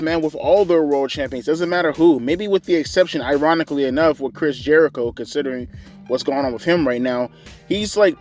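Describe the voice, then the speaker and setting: A man ranting through a casual, profane, sarcastic wrestling show review. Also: on the high side.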